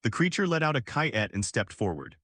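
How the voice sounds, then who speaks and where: Lively male story narrator. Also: mid-range voice, brisk, no echo, studio quality. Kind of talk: scripted story recap narration.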